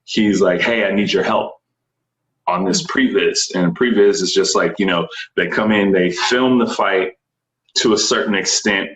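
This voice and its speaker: A young Texan stunt performer tells his story in a relaxed interview, his fairly low voice full of animated enthusiasm. He laughs often and slips into other people's voices, and the room carries a noticeable echo.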